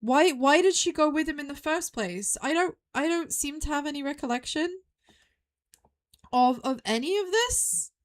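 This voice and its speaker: A young woman streaming a game, thinking aloud in an excitable way and repeating her own phrases as she puzzles things out. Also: high-pitched, moderate pace. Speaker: VTuber streamer. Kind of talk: live game stream commentary.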